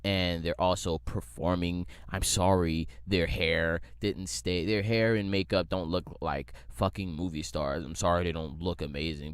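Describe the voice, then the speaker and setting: A man's voice: sits low, fairly even intonation, a little slow, hardly any pauses, clear, resonant tone, dry recording, studio quality. A man hosting his own podcast, ranting and joking in a rambling, profane way. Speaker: podcast host. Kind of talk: casual comedic rant.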